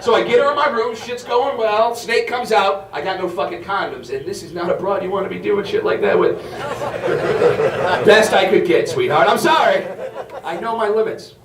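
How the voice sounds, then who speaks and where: A man's voice: sits high, animated, normal speed, roomy sound, far from the mic, crowd noise. A man doing a stand-up comedy set, telling stories in a brash, profane way. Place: comedy club stage.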